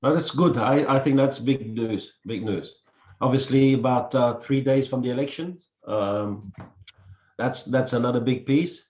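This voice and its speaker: A man hosting a casual podcast chat, talking haltingly and often repeating words. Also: mid-range voice, a little mellow. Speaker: podcast host. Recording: echoey room, dull lo-fi sound.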